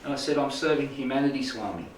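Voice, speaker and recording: This fast-talking man with a mid-range voice teaches spiritual healing to a small group indoors. His informal talk rambles, and he keeps asking "right?" and "make sense?". Recorded from a distance in an echoey room, with a little hiss or hum.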